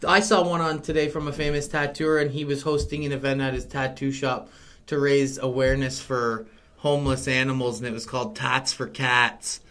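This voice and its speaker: A man in his thirties chatting casually and telling stories, acting out quotes loudly. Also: mid-range voice, normal speed. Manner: animated storyteller, acts out quotes loudly. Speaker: podcast host. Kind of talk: casual chat.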